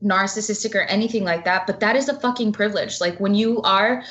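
A woman's voice: medium pitch, a little fast, fairly bright tone, dull audio. A woman guest talking bluntly and passionately in a casual interview, swearing freely.

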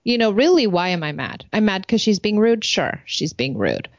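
A woman's voice: mid-range voice, big pitch swings, normal speed, dry recording. A woman co-hosting a parenting podcast in casual chat, a chatty storyteller who acts out the quotes she tells. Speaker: podcast co-host. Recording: dull, dry podcast audio.

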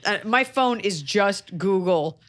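A woman's voice: medium pitch, animated, slow pace, fairly bright tone, no room sound. A woman co-hosting a podcast in casual chat, with dry, teasing humor. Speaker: podcast co-host.

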